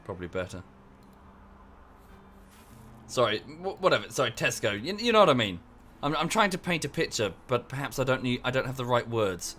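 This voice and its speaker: A man's voice: mid-range voice, sing-song, brisk, fairly bright tone, slight background noise. A young English man chatting casually with his stream chat while playing a strategy game, often correcting himself mid-sentence. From England. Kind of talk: casual livestream chat over gameplay.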